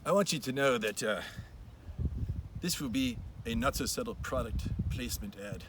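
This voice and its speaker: A man hosting a plant show, doing a parody product-placement ad outdoors in a put-on Spanish accent, with a mock-dignified, slow, theatrical delivery. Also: medium pitch, animated. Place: outdoors at the side of a street. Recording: outdoor street recording with traffic noise.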